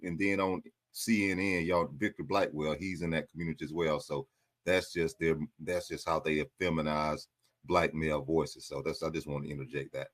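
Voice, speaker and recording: Deep-voiced man making quick asides. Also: no room sound, studio quality. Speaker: participant. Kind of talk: casual interjection in a live audio discussion.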